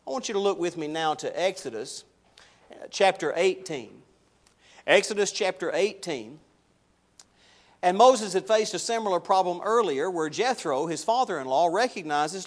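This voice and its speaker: A male preacher, delivering a sermon and rising loud and high when he quotes scripture. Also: lively intonation, moderate pace.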